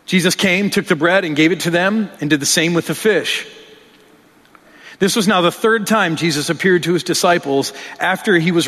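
Pastor guy preaching, kinda high voice, stumbles and repeats words, lots of "right?", big echoey hall. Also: fairly bright tone. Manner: conversational, repeats words at restarts, asks the crowd rhetorical questions. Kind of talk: sermon. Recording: long hall reverb.

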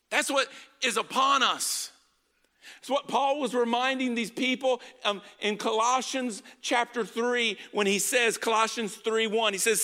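A man's voice: sits high, pushed and bright. A man preaching a sermon to a congregation, emphatic and urging them to respond. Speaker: pastor. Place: large hall with congregation. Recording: live hall reverb.

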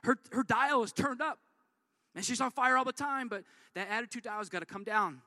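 A man preaching a sermon in an energetic, conversational way, repeating and restarting words as he drives his points home. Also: very high-pitched, moderate pace, no echo, studio quality. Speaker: pastor.

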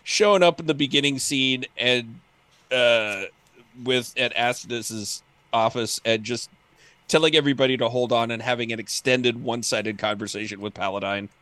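A man hosting a casual chat, animated and laughing, acting out quotes as he talks. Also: mid-range voice, normal speed, no room sound.

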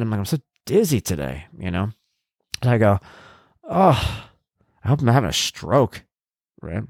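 A man's voice: medium pitch, no echo, studio quality. A middle-aged man and parent, a podcast host telling casual stories in a monologue and acting out the voices of people he quotes. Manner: animated, acts out quoted voices.

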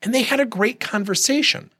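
A man's voice: extremely high pitch, fairly quick, husky. A man hosting a coaching podcast, giving direct advice and telling stories where he acts out the people in them. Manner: animated storytelling, acts out quoted people. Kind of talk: solo podcast monologue.

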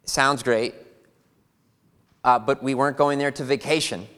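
A young adult man preaching a sermon as pastor, rousing the congregation with lively, energetic delivery. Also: medium pitch, a little slow, smooth. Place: church sanctuary. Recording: reverberant church hall with faint music.

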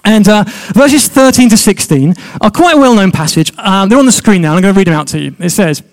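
A man's voice: sits high, expressive, quick pace, few pauses. A man preaching a sermon, chatty and joking with his congregation.

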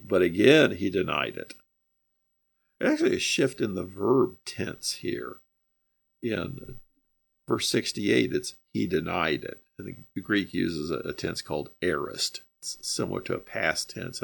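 Middle-aged male Bible teacher, gravelly and husky, lively intonation, conversational. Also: sits low. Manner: conversational, explaining Greek verb tenses.

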